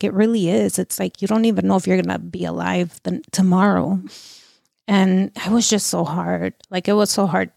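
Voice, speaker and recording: A middle-aged woman telling her own painful story as an interview guest, halting and full of restarts and fillers. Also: mid-range voice, creaky, mellow, dry recording, clean studio sound. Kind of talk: emotional personal testimony.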